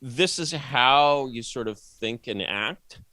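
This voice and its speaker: A man talking as a podcast guest, rambling and sardonic, with many restarts and animated asides. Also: mid-range voice, slow pace, no room sound. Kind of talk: casual podcast conversation.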